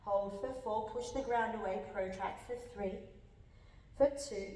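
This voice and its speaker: A woman leading a power yoga class, calmly cueing breaths and counting down holds while slightly out of breath as she moves along. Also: mid-range voice, a little slow, far from the mic. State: a little out of breath. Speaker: yoga instructor. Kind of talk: guided yoga class cues. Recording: echoey hall from off-mic.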